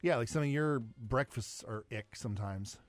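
A man's voice: medium pitch, moderate pace, dry recording. A man co-hosting a morning radio show, teasing his co-host in casual banter. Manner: teasing, wry. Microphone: studio microphone. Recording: dry studio sound.

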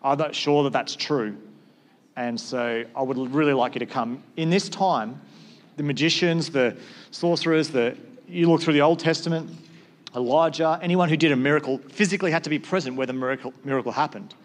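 This pastor, a father of school-age kids, has a voice on the high side and a brisk delivery. He preaches in a conversational way, acting out short exchanges as he goes.

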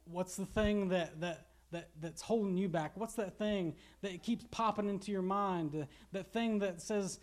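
A man's voice: high-pitched, measured pace, hardly any pauses. A young man with a Kentucky accent preaching a casual sermon, joking and laughing as he retells a story. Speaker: pastor.

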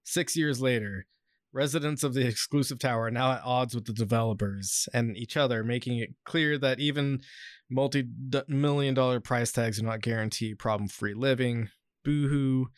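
A man's voice: medium pitch, normal speed, dry recording. Rambling man on a dry mic. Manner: rambling, heavy on fillers, swears freely; reads article passages aloud. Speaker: podcast host. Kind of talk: casual podcast chat.

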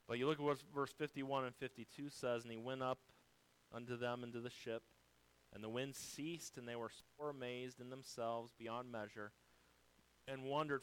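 A male pastor preaching a sermon, swinging from quiet, low passages to loud, high-pitched exhortations. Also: clean tone, rough recording.

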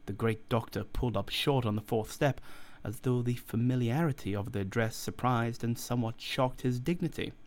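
Male storyteller for classic fiction. Steady, deliberate audiobook narration, middle pitch. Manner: measured, deliberate reading.

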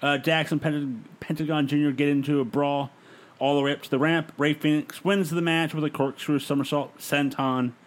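A man with a slightly high voice hosts a casual podcast. He runs through a fantasy wrestling card in brisk play-by-play, dropping light laughs along the way. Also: fairly even intonation. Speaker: podcast host.

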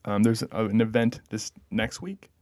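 In a casual, hesitant podcast chat full of "um" and "like," a young parish staff member serves as host. His voice sits on the low side, steady and a little mellow at a moderate pace. It's studio-quality audio without echo.

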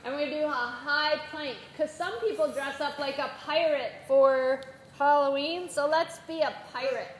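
A woman teaching a playful yoga class for children, giving gentle, encouraging instructions. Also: high voice, moderate pace, hardly any pauses. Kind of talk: guided kids' yoga class. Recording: echoey room with faint background noise.

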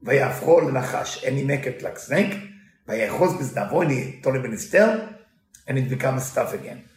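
A man's voice: mid-range voice, expressive, a little fast. A man giving a storytelling Torah lesson in broken English, mixing in Hebrew quotes. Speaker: Torah teacher. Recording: roomy echo.

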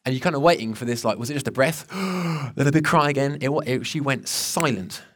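A man's voice: medium pitch, fairly quick. A man in his thirties preaching a sermon, telling a personal story in an earnest, conversational way with frequent restarts. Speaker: pastor.

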